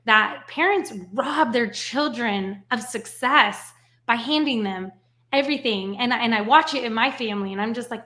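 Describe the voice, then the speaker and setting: A woman's voice: fairly high pitch, normal speed. A woman from Switzerland whose first language is French, telling stories in a casual interview, often adding "right?" and "like". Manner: animated storyteller, frequent "right?" and "like". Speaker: podcast guest.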